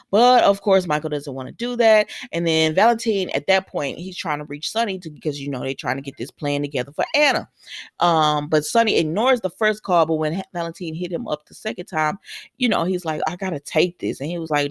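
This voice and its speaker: A woman's voice: on the low side, lively intonation, a little fast, no room sound, studio quality. A woman casually recapping soap opera episodes for viewers, retelling scenes with quoted lines and adding opinionated asides. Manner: opinionated asides scolding characters.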